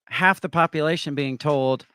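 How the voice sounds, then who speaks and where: Brief: man, fairly high voice, animated and mocking, dry close sound, hosting a live stream chat. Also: moderate pace, smooth, dry recording. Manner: animated, mocking, mimics others in put-on voices. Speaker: host. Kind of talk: casual political chat.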